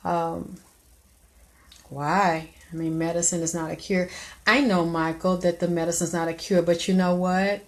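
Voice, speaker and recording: A middle-aged woman hosting a live stream, giving blunt, profane advice in a preachy way, breaking now and then into loud exclamations. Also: fairly low pitch, flat delivery, a little slow.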